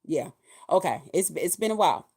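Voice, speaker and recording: A woman's voice: on the low side, lively intonation, moderate pace, darkish tone, breathy edge. A woman hosting a weekly livestream, chatting casually and folksily with her viewers, greeting and thanking them directly. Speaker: host of a weekly live show.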